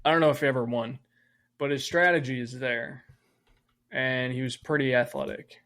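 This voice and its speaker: Laid-back man with a gravelly voice. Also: medium pitch, steady tone, moderate pace, fairly bright tone. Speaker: podcast co-host. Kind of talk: casual chat.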